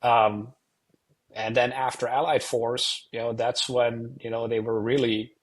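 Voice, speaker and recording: Husky middle-aged man, rambling. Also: mid-range voice, level tone, measured pace. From Germany. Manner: rambling, many "you know" fillers. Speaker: guest, retired air force officer and wargamer. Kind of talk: casual interview storytelling.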